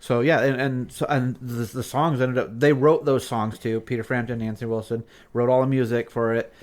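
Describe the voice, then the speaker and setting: A man's voice: medium pitch, little pitch movement, normal speed, a little mellow. A man co-hosting a podcast, eagerly telling stories and agreeing in casual chat. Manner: enthusiastic storyteller, eager agreement. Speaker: podcast co-host.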